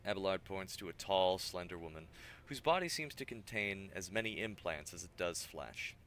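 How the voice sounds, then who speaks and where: Deep guy reading game lines out loud, bright edgy tone, trips on words. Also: lively intonation, normal speed, a little hiss or hum. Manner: stumbles over words, adds asides. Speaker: streamer reading game dialogue. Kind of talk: reading game text aloud with character voices.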